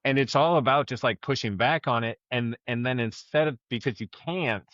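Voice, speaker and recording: A man's voice: medium pitch, normal speed, fairly bright tone, no echo, highs cut off. A man co-hosting a podcast, talking openly and reflectively about his own struggles in a candid conversation. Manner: open, reflective, speaks about personal struggles. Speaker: podcast co-host.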